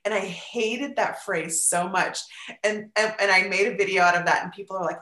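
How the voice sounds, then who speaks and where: Woman, 40s, earnest, chatty, mid pitch, echoey room. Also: brisk, bright, forceful tone. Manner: earnest, talkative, many "you know" fillers. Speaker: podcast guest, parenting advice. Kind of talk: casual conversation.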